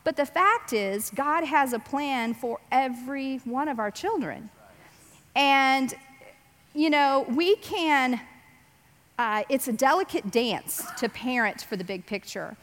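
Woman Bible teacher, fairly high voice, animated and chatty, long reverb. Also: slow pace. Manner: animated, acts out voices in quotes. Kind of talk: casual Bible teaching talk.

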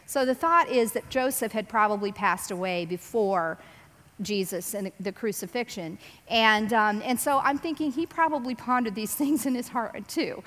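A woman giving a casual, animated Bible teaching on parenting, acting out voices as she quotes. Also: on the high side, normal speed. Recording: long reverb.

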